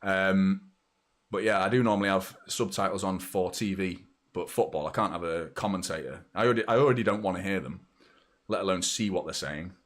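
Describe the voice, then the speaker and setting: A man's voice: deep voice, brisk. Chatty English man hosting a watchalong. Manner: chatty, rambling, talks to viewers by name. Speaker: football watchalong host. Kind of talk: casual live match chat.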